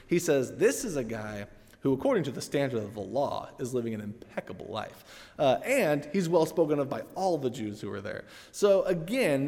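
A man's voice: a little high, darkish tone. Man preaching in an echoing hall. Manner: conversational, explanatory, with fillers. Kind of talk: expository sermon.

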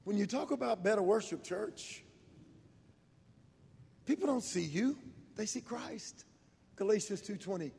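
A man in his sixties preaching a sermon, telling a personal story in a folksy, animated way. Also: high-pitched, a little slow, vocal fry, pauses often, husky. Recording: echoey hall reverb.

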